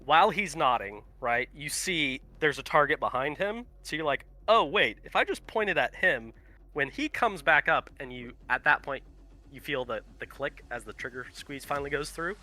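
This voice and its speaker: Bright-voiced male game master. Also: mid-range voice, lively intonation, moderate pace. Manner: casual, swearing, laughing often. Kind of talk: narrating a tabletop game.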